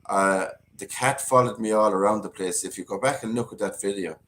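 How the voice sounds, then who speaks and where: A man's voice: lowish voice, brisk, fairly bright tone. A man hosting a casual live-stream chat, chatting and reading out viewer comments.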